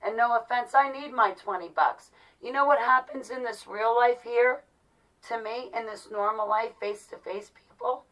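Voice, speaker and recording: Woman in her forties, exasperated rant, rather high voice, a bit off-mic. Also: normal speed, a bit bright, far from the mic, low-quality recording. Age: 40s. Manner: exasperated, ranting, repetitive pleading. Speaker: vlogger. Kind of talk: heated monologue to viewers.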